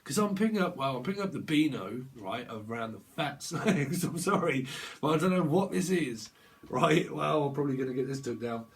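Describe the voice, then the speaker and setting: A man giving a casual, rambling tarot reading, chuckling and slipping into quick put-on voices. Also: a little high, animated, slight background noise. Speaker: tarot reader.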